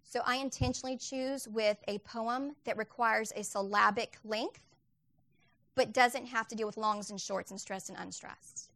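Woman Latin teacher walking colleagues through her lessons, chatty and self-correcting, voice sitting a little high. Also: fairly even intonation, normal speed, fairly bright tone.

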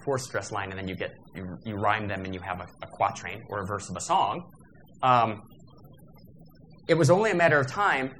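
A man's voice: medium pitch, a bit bright, a little hiss or hum, low-quality recording. A man lecturing teachers about poetry and meter, talking in a thoughtful way with frequent restarts.

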